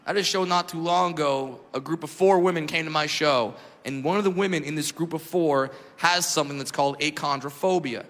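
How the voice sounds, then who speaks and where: A man performing a stand-up comedy routine on a club stage. He tells his story with loud, animated energy, dropping into hushed asides and then shouting the punchlines. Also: on the high side, brisk, few pauses. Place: comedy club stage before a live audience. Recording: live club recording with reverb and audience laughter.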